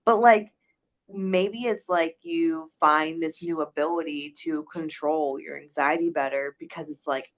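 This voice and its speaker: A young woman co-hosting a podcast, speaking softly in casual chat and often murmuring agreement. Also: sits low, steady tone, unhurried. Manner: soft-spoken, murmurs agreement, trails off. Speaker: podcast co-host.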